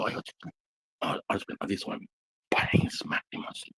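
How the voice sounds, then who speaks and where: A man's voice: on the low side, big pitch swings, a little fast, vocal fry, pushed and bright, slight background noise, poor audio. A middle-aged man with an Australian accent, a veteran telling blunt, swearing war stories in casual bar chat. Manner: blunt, heavy swearing, intense.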